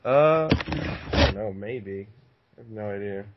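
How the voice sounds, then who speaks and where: A man's voice: on the low side, a little slow, heavy background noise. A man telling a story in casual chat, swearing often and laughing. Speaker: podcast guest. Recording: dull lo-fi sound.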